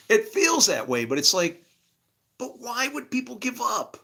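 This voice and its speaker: A man's voice: high-pitched, very animated, slow, bright, forceful tone, husky. A man giving a rambling, casual spiritual monologue, swearing freely, laughing often and acting out imagined conversations. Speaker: spiritual speaker.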